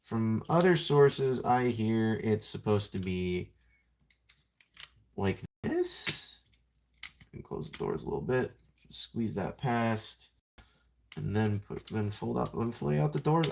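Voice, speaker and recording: A man's voice: lowish voice, slow pace, gravelly, a little mellow, a little hiss or hum. A young man chatting casually on a live stream while transforming a toy figure, rambling, self-mocking and greeting viewers by name.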